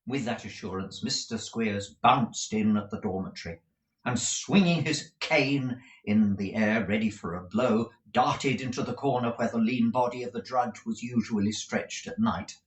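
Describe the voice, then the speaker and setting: A man reading a classic novel aloud as an audiobook narrator, slow and expressive. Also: fairly low pitch, echoey room. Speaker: audiobook reader. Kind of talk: scripted narration.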